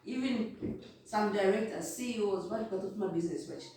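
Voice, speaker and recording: A woman's voice: medium pitch, moderate pace, warm tone. Echoey woman talking frankly. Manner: direct, blunt, talks while eating. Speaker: vlogger. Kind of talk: casual motivational talk. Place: indoor room, sitting on the floor. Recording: very echoey room, distant mic, faint noise.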